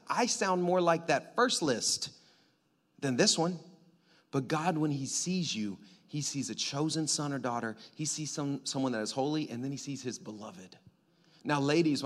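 A pastor preaching a sermon, moving between loud emphatic lines and hushed, intimate near-whispers while talking straight to the congregation. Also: male voice, mid-range voice. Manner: conversational, addresses congregation directly.

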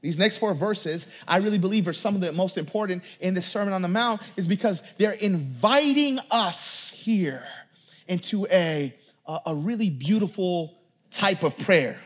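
A man's voice: high-pitched, moderate pace, husky. A man preaching a sermon, talking in a conversational, emphatic way, often repeating words and speaking straight to the congregation. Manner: addresses the congregation directly. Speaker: pastor.

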